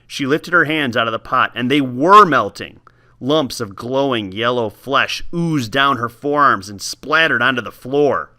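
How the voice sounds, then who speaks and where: A man reading a novel aloud with lively, expressive storytelling, then talking casually about the book. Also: medium pitch, unhurried. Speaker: teacher giving book talks.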